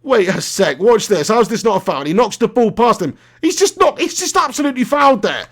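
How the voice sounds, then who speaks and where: Brief: young streamer, chatty and laughing, higher voice, commenting live on a football game. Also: male voice, sing-song, brisk. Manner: chatty, laughs often, reads out chat messages. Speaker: gaming streamer.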